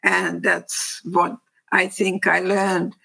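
Older woman, from Hungary, slow unhurried delivery, gravelly texture, reflective storytelling. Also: fairly low pitch, level tone, sharp tone, poor audio. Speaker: guest. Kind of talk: personal testimony.

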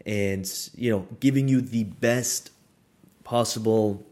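Low-voiced man hosting, recapping. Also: slow, dark tone. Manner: recaps guest's points, hesitant restarts. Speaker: podcast host. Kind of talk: casual interview chat.

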